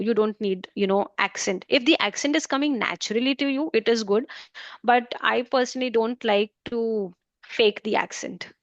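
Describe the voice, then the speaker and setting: An Indian woman with an Indian accent talks through interview answers, rambling with many fillers and restarts. Her voice sits at a middle pitch, recorded dry and a little dull. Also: no room sound. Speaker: guest, German language trainer.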